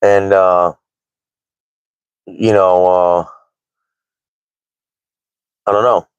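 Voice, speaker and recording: A man's voice: deep voice, little pitch movement, very slow, smooth, no room sound, poor audio. A man in his thirties hosting a casual livestream chat, candid and rambling, with lots of "like" and "right?". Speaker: livestream host.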